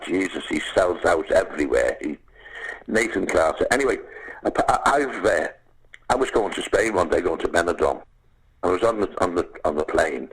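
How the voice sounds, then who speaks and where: Older scouse guy spinning yarns, gravelly husky low voice, lots of energy. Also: rough recording. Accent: Liverpool. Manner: animated, calls listener "lad", acts out voices in anecdotes. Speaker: podcast guest. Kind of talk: casual storytelling.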